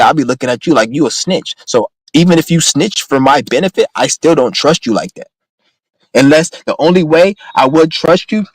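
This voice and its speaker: A man's voice: medium pitch, no room sound, poor audio. A young man in a casual, profane, rambling rant, speaking bluntly to his viewers. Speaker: vlogger.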